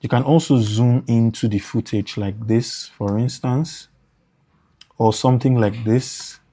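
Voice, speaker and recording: A man's voice: mid-range voice, steady tone, measured pace, warm tone. A man teaching motion design for editors in a screen-recorded tutorial, repeating points and thinking aloud as he works.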